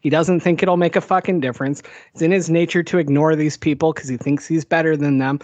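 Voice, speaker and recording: A man with a fairly high voice hosting a podcast. He talks in a relaxed, joking manner with casual swearing. His voice sounds dry and close, with no room echo. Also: a little fast, muffled recording. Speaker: podcast host. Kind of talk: casual conversation.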